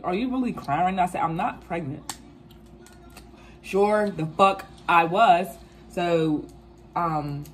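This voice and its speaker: A woman in her twenties telling a casual storytime, animated and profane, acting out quotes. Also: sits low. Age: 20s. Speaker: vlogger.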